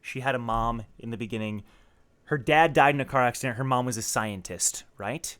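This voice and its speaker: A young man streaming a story game, reacting with excitable, animated speculation. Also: medium pitch, brisk, clear, resonant tone. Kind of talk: live let's play commentary.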